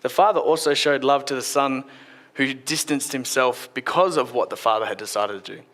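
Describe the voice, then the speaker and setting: A man giving a short church sermon, retelling a story and dropping his voice softly at key points. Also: mid-range voice, moderate pace. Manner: retells the story with acted quotes, drops softer at key points. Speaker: preacher.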